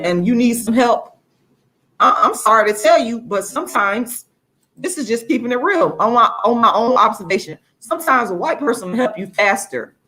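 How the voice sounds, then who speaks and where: A woman's voice: mid-range voice, a bit bright. A woman author and activist, angry and outraged, swearing a lot and repeating her points for emphasis as she rants to viewers on a livestream. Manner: angry, profane and emphatic, repeating lines for force.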